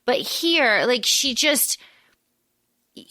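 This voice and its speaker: A woman's voice: high voice, lively intonation, extremely slow, bright, forceful tone, no room sound. A woman co-hosting a podcast, recapping a movie in casual, slangy, playful chat. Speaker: podcast co-host.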